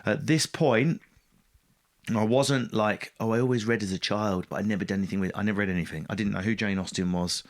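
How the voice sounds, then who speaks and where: A man's voice: on the low side, fairly quick. A man telling his story as a podcast guest, blunt and self-mocking, swearing freely in casual talk. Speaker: podcast guest, stand-up comedian.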